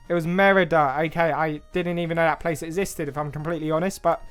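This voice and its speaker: A man's voice: fairly high pitch, steady tone, quick pace, fairly bright tone, clear, resonant tone, soft background music. A young man with an English accent giving casual, self-mocking game commentary, thinking aloud and second-guessing himself as he plays. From England. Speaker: gaming YouTuber.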